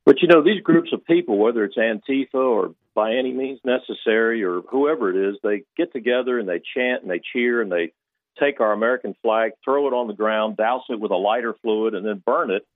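A man's voice: mid-range voice, brisk, no echo. A man calls in to a radio show, pressing his point earnestly and with indignation. His voice comes through a thin, phone-like line, close and dry. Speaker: caller.

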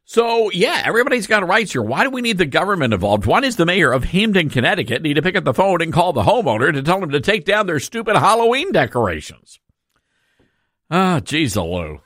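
A man's voice: high voice, big pitch swings, fast, hardly any pauses, a bit bright, dry recording, clean studio sound. A man hosting a talk radio show, sarcastic and opinionated, laughing through his asides.

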